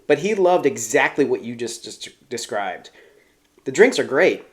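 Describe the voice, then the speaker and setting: A man's voice: medium pitch, sing-song, measured pace. A man hosting a podcast, asking questions in a friendly, enthusiastic and loosely phrased way. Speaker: podcast host. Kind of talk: casual interview chat.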